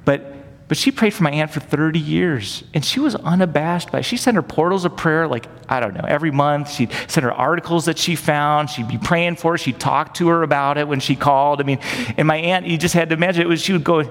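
A man's voice: fairly high pitch, in a large hall. A man preaching a sermon in an earnest, conversational way, often asking rhetorical questions. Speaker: pastor. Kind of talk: sermon teaching.

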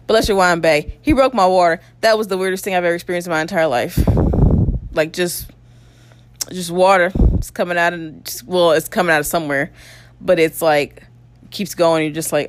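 A woman's voice: lowish voice, fairly even intonation, fairly quick. A young adult woman casually telling her birth story, candid and blunt, with crude humor and frequent laughs.

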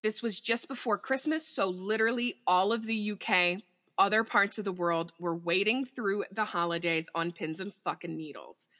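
A woman's voice: medium pitch, moderate pace, sharp tone. A woman co-hosting a podcast, telling a story in casual chat, giggly and freely swearing as she reads out quotes.

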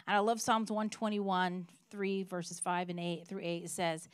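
A woman's voice: lowish voice, normal speed, smooth, no echo, studio quality. A woman preaching a sermon in an earnest, emphatic way, reading scripture and telling personal stories.

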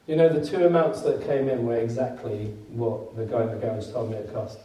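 A man delivers a sermon in a relaxed, storytelling way, with frequent laughs and emphatic peaks. His tone is mellow and warm. He is miked from some distance in a roomy church hall that echoes. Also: medium pitch, fairly quick, few pauses. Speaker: preacher. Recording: echoey room, mic at a distance.

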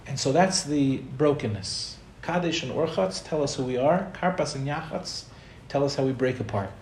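A man's voice: medium pitch, animated, normal speed, darkish tone, slight background noise. A man giving a spiritual talk to an audience, conversational and storytelling, acting out the people he quotes. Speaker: Torah teacher. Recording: roomy echo, faint ambience.

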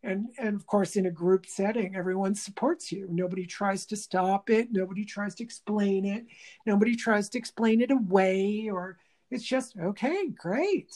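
A woman's voice: mid-range voice, fairly even intonation, moderate pace, darkish tone. A woman workshop teacher talking in a reflective interview, thoughtful and searching for words, often restarting.

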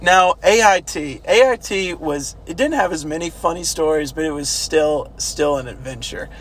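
A man's voice: moderate pace, slight background noise. A man casually telling funny army stories, laughing often and acting out the quotes. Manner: laughing, animated, acts out quotes with big pitch jumps. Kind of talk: casual storytelling chat.

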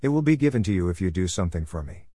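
A man's voice: sits low, sing-song, very fast, dark tone, no room sound, clean studio sound. A man doing a commanding master of a house. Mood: businesslike.

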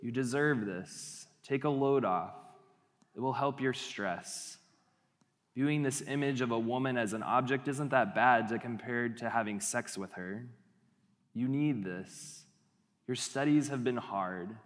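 A man voicing a sly male tempter that speaks in a hushed, slow, wheedling way, with a long hall echo. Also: mid-range voice, natural voice.

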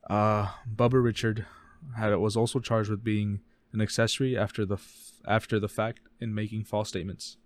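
A man co-hosting a casual true-crime podcast, reading case details fast and often stumbling and correcting himself. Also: on the low side, flat delivery, dry recording. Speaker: podcast co-host.

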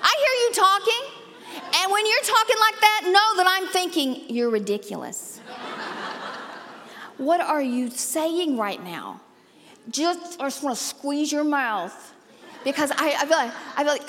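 A woman pastor giving a sermon, animated, playful and emphatic, with sudden jumps in pitch and loudness. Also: moderate pace, big-room sound. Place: church auditorium.

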